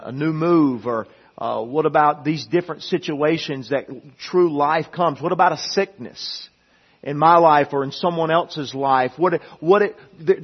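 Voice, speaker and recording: A man delivers a sermon in a somewhat husky voice that sits a little higher than usual. He swings between loud, emphatic peaks and quiet, hushed passages, often restarting and repeating words. The recording sounds dull and muffled. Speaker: preacher.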